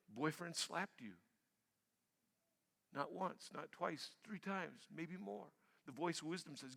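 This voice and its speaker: A male pastor preaching a sermon in a church sanctuary, emphatic and swinging between loud and quiet. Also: a little high, slow pace, gravelly, long pauses. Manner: emphatic preaching, rising loud on key points then dropping quiet. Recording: reverberant church hall.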